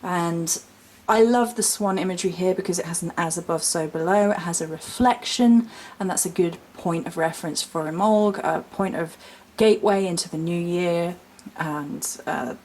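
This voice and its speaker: A woman in a casual home vlog, talking in a gentle, rambling, chatty way with little asides as she shows her altar. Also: fairly low pitch, moderate pace, hardly any pauses. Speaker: witch vlogger showing her altar.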